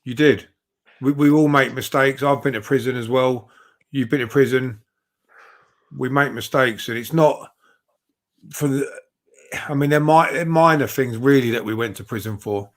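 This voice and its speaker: A man's voice: medium pitch, normal speed, pauses often. A man hosting a casual interview, reassuring and encouraging his guest.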